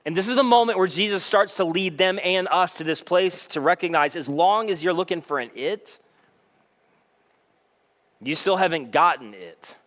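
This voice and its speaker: Pastor guy with a higher voice, chatty animated sermon, acts out bits of dialogue. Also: normal speed. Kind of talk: conversational sermon.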